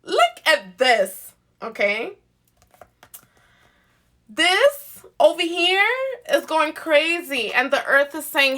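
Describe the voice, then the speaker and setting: A woman's voice: high-pitched, sing-song, slow, long pauses, sharp tone. A woman giving a live zodiac card reading, coaxing her viewers over and over with affection and frequent laughs. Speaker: tarot card reader.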